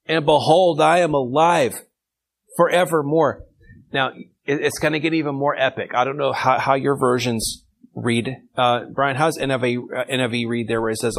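A man's voice: medium pitch, fairly bright tone, rough recording. A man leading an informal Bible study, reading verses and taking questions from his group in a conversational way.

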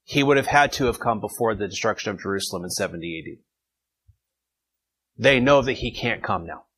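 A man leads an informal Bible study, reading verses and taking questions from his group conversationally. His voice is on the low side, brisk, husky and fairly bright, and the audio is poor.

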